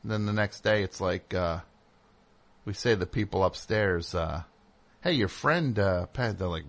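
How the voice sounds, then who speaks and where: A middle-aged man hosting a show, telling a casual story and acting out the people in it with sudden loud outbursts. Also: deep voice, a little slow, gravelly. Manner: animated, acts out voices with loud outbursts. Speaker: host.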